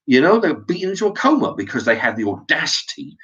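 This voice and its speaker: A middle-aged Englishman rants to camera in an opinion vlog, swearing often and stumbling over restarts. His voice is fairly high, sing-song, fast and a bit bright. The recording is dull and lo-fi.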